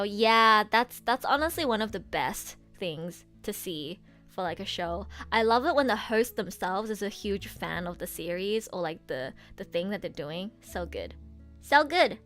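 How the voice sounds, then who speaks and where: A young woman streamer and voice actress chatting casually and gushing excitedly, laughing often. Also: medium pitch, unhurried, faint music behind. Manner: gushing, excitable fan talk with frequent laughs.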